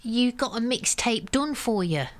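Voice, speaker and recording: A woman's voice: fairly high pitch, a little slow. A woman co-hosting a radio show, telling a story and acting out what people said. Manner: animated storyteller, acts out quotes. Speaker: radio co-host. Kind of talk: casual radio chat.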